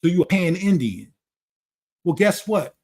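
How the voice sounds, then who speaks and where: A man's voice: high-pitched, lively intonation, measured pace, darkish tone. A man talking in a blunt, profane, lecturing way during a casual conversation. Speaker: channel host.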